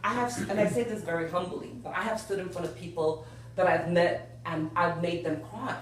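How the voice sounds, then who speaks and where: A woman's voice: lowish voice, steady tone, moderate pace, slight background noise. Echoey, distant woman giving a spiritual talk. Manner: earnest, keeps checking in with "yes?" and "you know". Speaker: spiritual teacher. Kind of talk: spiritual lecture to a group. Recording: very echoey room, far from the mic.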